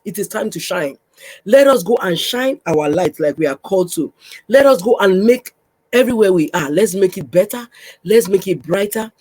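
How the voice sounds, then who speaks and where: Woman podcast host, husky, exhortative, repeats key phrases to the listener. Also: mid-range voice, low-quality recording. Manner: repetitive, exhorting, addresses listener warmly. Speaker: podcast host, pastor's wife. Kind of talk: faith podcast teaching.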